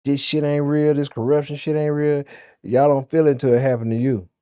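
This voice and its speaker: Profane Southern man with a dark voice. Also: fairly high pitch, a little fast, clean tone, no echo. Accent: Southern US (Memphis). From Memphis, USA. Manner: profane, blunt, animated storytelling. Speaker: vlogger. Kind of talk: casual storytelling rant.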